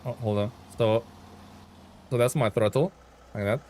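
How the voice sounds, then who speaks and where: An excitable man chatting casually on a live game stream. His voice sits in a middle pitch, and he talks readily to his viewers while he plays. Faint noise hums behind him. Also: normal speed.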